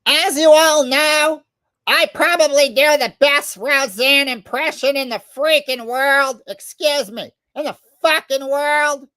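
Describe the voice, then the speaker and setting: A loud-mouthed, middle-aged woman comedian who swears freely and rants with crude bravado, as a man puts her on for laughs. The voice sits high and cutting, with a sharp, bright edge. It is close and dry, with no room sound. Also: fairly even intonation, slow, no echo, full character voice. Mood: ranting. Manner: crude, boastful, ranting. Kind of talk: comedic impression on a livestream.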